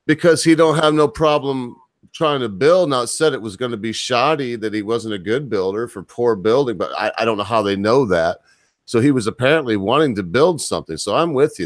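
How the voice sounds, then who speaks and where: A low-pitched man reads news items aloud and breaks off for wry, chuckling remarks. His voice sits lower than most men's, and it sounds dry and close, with no room echo. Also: lively intonation, moderate pace. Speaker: host. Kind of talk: casual commentary, reading news aloud.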